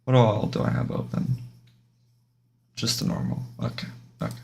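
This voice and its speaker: A man's voice: mid-range voice, sing-song, moderate pace, vocal fry, a little mellow, breathy edge. A man streaming a game live, rambling casually to his viewers and often restarting his sentences. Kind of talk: casual live-stream chat while gaming.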